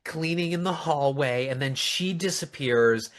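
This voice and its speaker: A man co-hosting a casual film review, animated and swearing often, acting out lines from the movie in mocking voices. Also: fairly high pitch, measured pace. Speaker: podcast co-host reviewing films.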